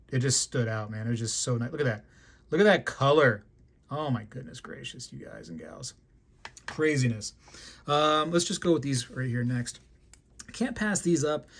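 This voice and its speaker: A man hosting a casual show-and-tell video, chatty and enthusiastic, rambling with lots of fillers. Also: medium pitch. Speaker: coin collecting video host.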